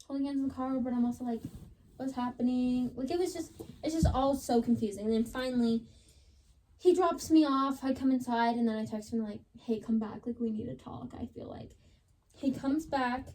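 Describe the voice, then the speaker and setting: A young woman co-hosting a casual podcast, telling a personal story with lots of "like" and plenty of drama. Her voice sits somewhat high, with a dark, mellow tone. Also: normal speed, slight background noise. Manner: chatty, dramatic retelling, lots of "like". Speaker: podcast co-host.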